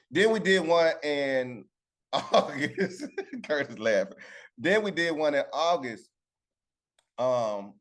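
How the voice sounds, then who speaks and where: Chatty man teaching a Bible lesson. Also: medium pitch. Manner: chatty, keeps asking the group "right?". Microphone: video call.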